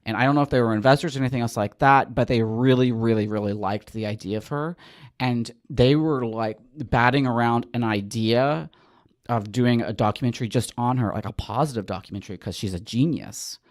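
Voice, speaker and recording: A man's voice: mid-range voice, a little mellow, dry recording, studio quality. A man hosting a podcast, chatting casually and telling stories with a wry edge. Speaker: podcast host.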